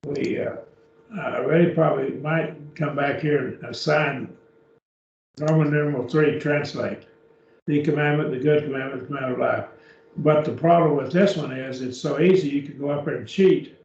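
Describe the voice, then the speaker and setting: A man's voice: fairly high pitch, steady tone, moderate pace, vocal fry, a little mellow, a little hiss or hum. A man teaching a beginners' Greek class, patiently explaining step by step and often checking with "okay?", recorded from a distance. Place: church classroom. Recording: echoey room, distant mic, dull lo-fi.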